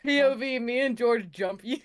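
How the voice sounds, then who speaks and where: Animated young woman chatting casually. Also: high-pitched. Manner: animated, laughing, slangy. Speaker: podcast co-host. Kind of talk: casual chat. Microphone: video call.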